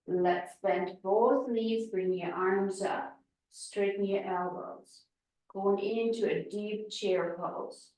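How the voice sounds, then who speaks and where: Woman yoga teacher talking thru a class real slow and calm, lots of echo, sounds far from the mic. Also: mid-range voice. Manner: slow, calm spoken cues. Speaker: yoga instructor. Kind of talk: guided yoga class instruction. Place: yoga studio. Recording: echoey room, voice from afar.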